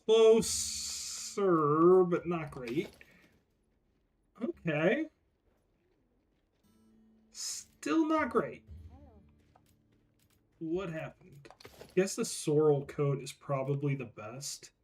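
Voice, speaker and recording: A gaming streamer talks through gear choices at a slow, unhurried pace. Half-muttered and trailing off, as if thinking aloud mid-stream. Middle pitch, relaxed chatter. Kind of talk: casual gaming stream commentary.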